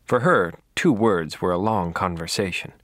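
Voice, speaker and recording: A man narrating an audiobook in a dry, wry, deadpan manner. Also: deep voice, moderate pace, no echo.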